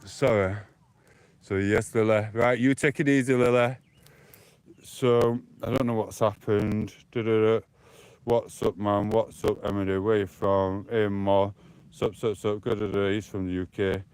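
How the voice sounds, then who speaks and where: Low-voiced British man rambling on a walk. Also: fairly even intonation, a little slow, a little mellow, clear, resonant tone. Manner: rambling, defensive, chatty. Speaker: live streamer. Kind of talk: casual live stream chat while walking. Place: outdoors, walking along streets.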